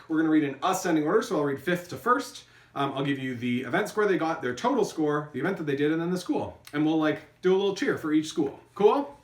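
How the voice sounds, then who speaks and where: Man, casual host, upbeat chatty rambling, higher-pitched, echoey room, slightly distant mic. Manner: chatty and upbeat, many fillers and restarts. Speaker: host announcing tournament scores. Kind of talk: casual online awards announcement. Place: apartment.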